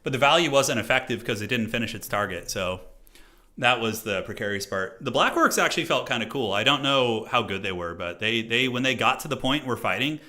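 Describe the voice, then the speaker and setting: A man's voice: mid-range voice, expressive, a little fast, pushed and bright. A man streaming a tournament game, talking viewers through his moves in a casual, self-critical way, thinking aloud with lots of fillers. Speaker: streamer playing a competitive strategy tournament. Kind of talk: live game commentary to viewers.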